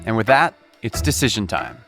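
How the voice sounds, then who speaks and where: A man narrating a pitch show with scripted, punchy announcer delivery. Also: huge pitch swings, brisk, creaky, a bit bright, soft background music.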